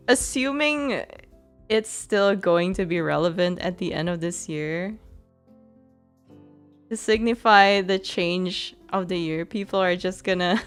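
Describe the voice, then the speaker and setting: A woman's voice: fairly low pitch, slow pace, soft background music. A woman streamer in casual chat with her viewers, rambling and giggly, full of fillers.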